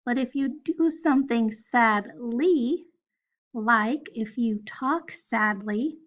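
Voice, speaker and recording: A woman's voice: a little high, takes it slowly, lo-fi sound. A woman teaching a phonics lesson to first graders, patiently spelling out letters one at a time. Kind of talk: recorded phonics lesson for children.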